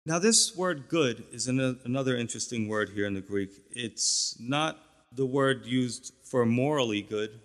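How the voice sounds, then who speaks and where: A man's voice: mid-range voice, expressive, unhurried, big-room sound. A man preaching a sermon, explaining a scripture passage in a conversational teaching manner with asides and fillers. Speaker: pastor.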